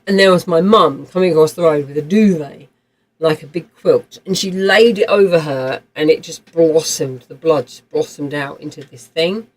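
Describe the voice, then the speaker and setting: A woman's voice: low voice, rough recording. Woman telling a vivid story. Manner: vivid, rambling retelling with swearing and restarts. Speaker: livestream gamer. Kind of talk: casual storytelling while streaming.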